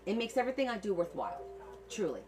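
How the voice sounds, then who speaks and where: A woman's voice: mid-range voice, big pitch swings, fast talker, crowd noise, low-quality recording. A woman hosting a live online auction of her handmade journals, chatting affectionately with viewers, thanking them by name and often repeating words as she talks. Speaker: livestream seller of handmade journals. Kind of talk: casual live auction chat.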